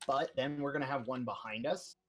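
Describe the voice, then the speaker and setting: A man's voice: medium pitch, a little fast. A man playing a tabletop game, talking casually and rambling as he plans. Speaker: player. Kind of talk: casual chat.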